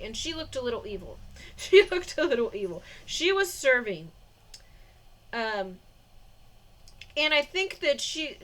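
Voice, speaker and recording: A woman's voice: a little high, a bit bright. A woman vlogger telling a personal story in a rambling way, with restarts, fillers and short suspicious laughs.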